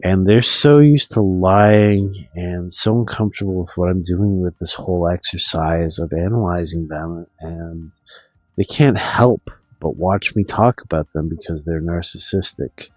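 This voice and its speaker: A man's voice: sits low, a little slow, darkish tone, dry recording, soft background music, low-quality recording. A man streaming a profane, meandering rant full of restarts. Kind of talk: rambling monologue.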